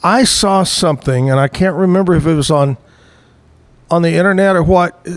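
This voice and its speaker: A man's voice: sits high, moderate pace. A man hosting a talk show, asking rambling, joking questions in a casual interview chat. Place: live show at a bar stage.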